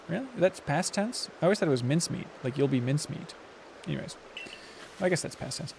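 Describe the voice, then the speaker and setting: A man's voice: a little high, animated, fast talker, creaky, darkish tone, a little hiss or hum. A man casually commentating a game livestream with joking, rambling asides. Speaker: game streamer.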